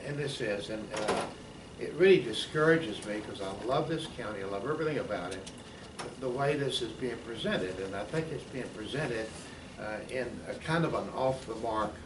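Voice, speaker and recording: An older restaurant owner speaking earnestly and hesitantly at a public debate. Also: male voice, fairly low pitch. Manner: earnest, hesitant, many fillers. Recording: roomy distant sound with clear noise.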